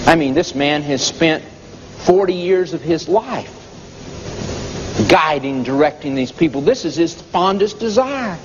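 High-voiced fervent preacher. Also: male voice, expressive, measured pace, vocal fry. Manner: dramatic storytelling, fervent, pleading. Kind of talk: sermon. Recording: dull lo-fi recording in a reverberant hall with background noise.

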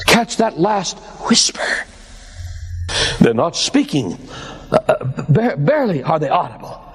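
An older male pastor preaching a sermon, slowing his delivery for emphasis and lifting his voice at exclamations. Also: fairly high pitch, big pitch swings, breathy edge, in a large hall.

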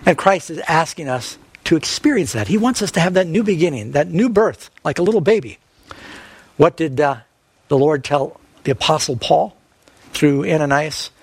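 Middle-aged pastor guy preaching, fairly high voice, asks lots of questions, dry close mic. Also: lively intonation, moderate pace, slightly rough, no echo. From Northern California. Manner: earnest preaching with rhetorical questions and scripture reading. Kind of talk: evangelistic sermon.

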